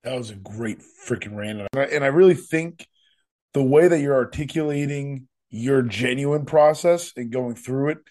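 A man's voice: mid-range voice, normal speed, darkish tone. A man hosting a podcast, rambling emphatically and repeating himself in casual chat. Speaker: podcast host.

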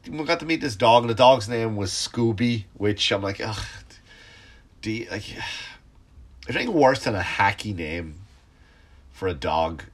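A middle-aged comedian with a congested, sniffly voice, telling a rambling, profane story in a casual comic monologue. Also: male voice, mid-range voice. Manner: rambling, profane, self-interrupting. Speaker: stand-up comedian hosting a podcast.

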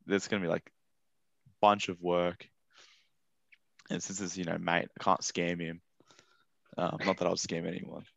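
A man's voice: deep voice, level tone, a little slow, vocal fry, long pauses, a bit bright, no room sound. A young man with an Australian accent, chatting casually on a podcast and telling a story in a laid-back, slangy, swearing way. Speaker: podcast co-host. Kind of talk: casual chat.

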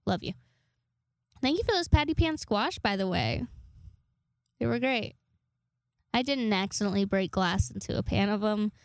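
A woman's voice: mid-range voice, animated, moderate pace, long pauses, no room sound. A young woman hosting her own podcast alone, rambling casually with lots of swearing and self-deprecating asides. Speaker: podcast host. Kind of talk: casual solo podcast chat.

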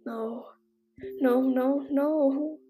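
A woman voicing a grief-stricken young man with fire powers, speaking quietly and often in a whisper. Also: high-pitched, fairly even intonation, very slow. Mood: grieving.

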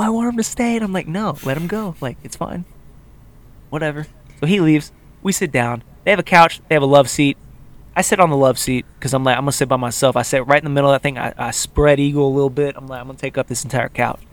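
A young man co-hosting a casual podcast, telling a rambling story in a mid-pitched voice. He keeps jumping into the voices of the people in it, quoting them with lively emphasis. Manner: animated, acts out quotes of others. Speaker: podcast co-host.

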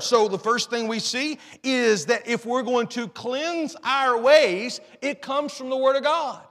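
A man's voice: extremely high pitch, unhurried, few pauses, fairly bright tone. A man preaching a sermon, earnest, often repeating and restarting phrases as he quotes scripture. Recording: long reverb in a hall.

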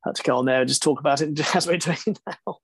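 A man, a broadcaster and interview guest, tells a story in a lively, self-deprecating way and laughs often. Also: fairly high pitch, quick pace, vocal fry, breathy edge.

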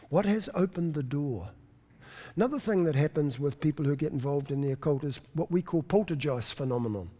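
A man's voice: on the high side, animated, fairly quick, mellow. A pastor preaching a sermon, telling stories emphatically and often repeating words as he searches for the next one. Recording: long hall reverb.

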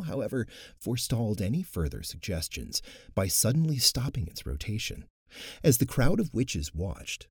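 A man narrating an audiobook in an expressive, animated way, close to the mic. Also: fairly low pitch, breathy edge, dry recording.

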